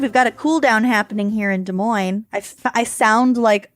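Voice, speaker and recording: A woman's voice: fairly high pitch, normal speed, soft background music. A woman co-hosting a podcast in casual chat, joking and laughing often. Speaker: podcast co-host.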